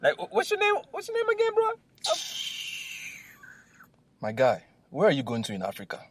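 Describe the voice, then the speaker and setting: Comedy skit voice from a man, loud and excited, high-pitched. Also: fast, no room sound. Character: two men bantering in a comedy skit.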